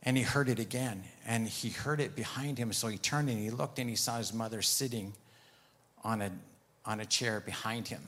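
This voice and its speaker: A man's voice: on the low side, a bit bright. Man preaching a storytelling sermon. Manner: storytelling, pausing to retell conversations; firm and emphatic on commands.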